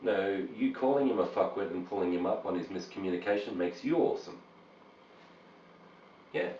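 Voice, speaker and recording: A man co-hosting a casual chat over beers, animated and swearing freely. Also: sits low, normal speed, a little hiss or hum. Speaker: podcast co-host. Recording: roomy, distant, dull home recording.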